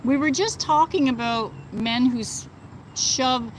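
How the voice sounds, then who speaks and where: A woman with a fairly high voice chats indignantly on a casual livestream, answering her viewers as she goes. Her speech is loose and full of "like" and "you know". Faint outdoor noise stays in the background. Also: measured pace, low-quality recording. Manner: chatty and indignant, with many fillers like "like" and "you know". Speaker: livestream host. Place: outdoors, within earshot of birds and thunder.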